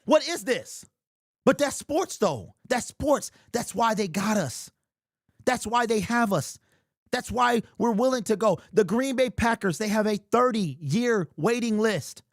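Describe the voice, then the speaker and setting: A man hosting a fan sports talk stream, reading chat aloud and ranting in an animated, exasperated way. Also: high-pitched, unhurried, no echo, clean studio sound. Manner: animated, exasperated ranting, keeps saying "bro".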